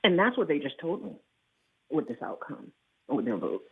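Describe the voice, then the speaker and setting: A woman from Alabama calling in to a radio show, earnest and halting. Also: sits low, sing-song, gravelly, husky. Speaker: caller. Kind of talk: call-in radio. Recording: phone line.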